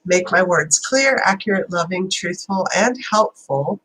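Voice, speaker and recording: A woman with a fairly low voice hosts a spiritual channeling session. She talks in a loose, rambling way full of fillers. She slows into deliberate, prayerful invocations. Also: lively intonation, a bit bright, breathy edge, rough recording. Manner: chatty and rambling, then slow and prayerful. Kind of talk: livestream talk and invocation.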